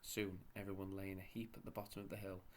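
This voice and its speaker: A man reading a children's book aloud with expressive storytelling. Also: low voice, fast. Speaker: storybook reader.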